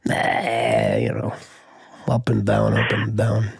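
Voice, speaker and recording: A man doing a gravelly foul-mouthed grumpy dad. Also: fairly low pitch, big pitch swings, slow pace, no room sound, studio quality, pitched below the performer's own voice, heavily acted. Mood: gruff. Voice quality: gravelly, crude, gruff.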